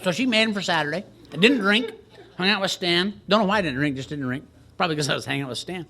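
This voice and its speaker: A man with a slightly higher-than-usual voice tells his recovery story to a group. He jokes at his own expense, and his delivery stays dry and wry. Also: lively intonation, quick pace, pushed and bright, a little hiss or hum. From Texas, USA. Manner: wry, joking storyteller who laughs at himself. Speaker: recovery speaker at a retreat. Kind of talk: personal recovery story told to a crowd.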